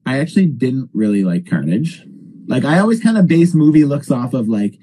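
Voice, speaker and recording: A man's voice: mid-range voice, moderate pace, husky, poor audio. A man co-hosting a podcast, ranting casually about a movie with lots of fillers and swearing. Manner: animated, swearing, frequent filler words. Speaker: podcast co-host. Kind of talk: casual movie review rant.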